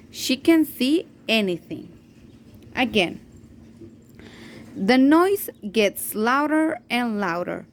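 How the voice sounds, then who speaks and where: A woman teacher reads a children's story aloud, slowly and with care, often stopping to repeat or fix a word. Her voice sits a little high. A faint hiss runs under the recording. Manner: careful, halting read-aloud with restarts and repeats. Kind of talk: reading a story aloud slowly, then in Spanish.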